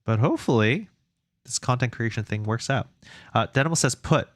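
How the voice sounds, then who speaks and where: In a dry recording, a young man with a medium-pitched voice sounds animated and brisk while streaming game dev from his desk at home. He rambles casually into a desk microphone, reads viewers' chat aloud, and jokes at his own expense.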